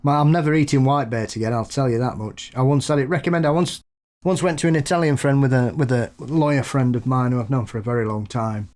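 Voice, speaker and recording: A man's voice: mid-range voice, quick pace, darkish tone. A man co-hosting a podcast in casual chat, telling anecdotes, laughing often. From England. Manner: chatty, laughs often, acts out voices in anecdotes. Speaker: podcast co-host.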